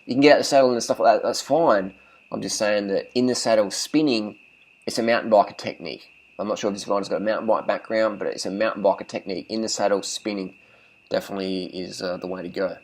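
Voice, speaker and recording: A man's voice: lowish voice, quick pace, low-quality recording. A man talking casually as a cycling vlogger, giving blunt and profane riding tips, and repeating phrases for emphasis.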